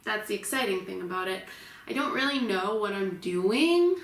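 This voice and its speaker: A woman's voice: medium pitch, very animated, moderate pace, a bit bright, roomy sound, far from the mic, a little hiss or hum. A woman hosting her own cooking vlog, chatting casually and unsure of herself as she cooks in a home kitchen. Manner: chatty, unsure, self-deprecating while working. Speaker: cooking vlogger.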